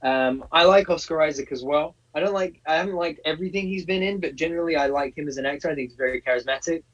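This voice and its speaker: A man co-hosting a casual live-stream chat, gushing and excitable, tripping over and repeating his words. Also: a little high, fast. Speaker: co-host. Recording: distant, muffled call audio.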